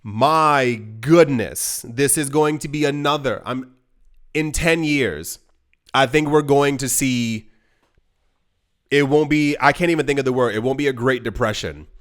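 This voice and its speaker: A man's voice: medium pitch, measured pace, fairly bright tone. A man hosting an investing channel, talking straight to camera in an emphatic, pleading way, with many restarts as he rambles. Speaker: crypto investing channel host. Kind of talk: casual direct-to-camera monologue.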